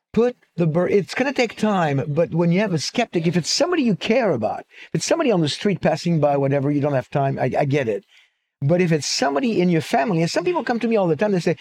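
A man speaking at a fixed microphone during a live talk with slides, his voice sitting a little high for a man. He speaks loosely and conversationally, trailing into fillers, restarting sentences and drifting into asides. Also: big pitch swings, fast, darkish tone. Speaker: speaker giving a talk on antisemitism.

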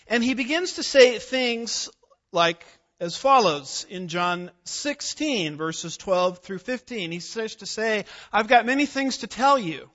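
A man preaching an expository sermon, emphatic, slowing down to stress key words and posing rhetorical questions. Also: high-pitched, bright, forceful tone, lo-fi sound.

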